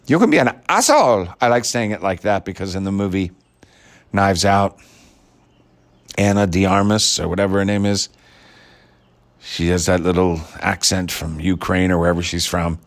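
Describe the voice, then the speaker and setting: A man's voice: sits low, flat delivery, moderate pace, long pauses. A man delivering a blunt, sarcastic, profane ranting monologue as a commentator.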